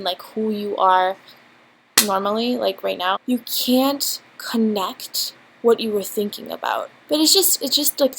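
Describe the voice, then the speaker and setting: A woman's voice: medium pitch, fairly bright tone, slight background noise, low-quality recording. A young woman telling a storytime vlog at home into a laptop mic, rambling and giggly with many fillers. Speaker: vlogger. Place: home, indoors. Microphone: built-in laptop mic.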